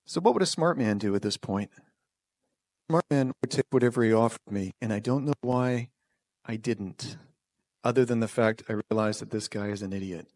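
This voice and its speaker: A man's voice: fairly low pitch, normal speed, a little mellow, dry recording. A man telling a personal story on stage, wry and self-deprecating, with nervous restarts. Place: small performance venue.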